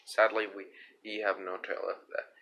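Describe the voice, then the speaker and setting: A man's voice: fairly low pitch, little pitch movement, normal speed, noisy background. A man presenting a home-made trailer for his own channel, rambling and restarting his sentences with a jokey manner.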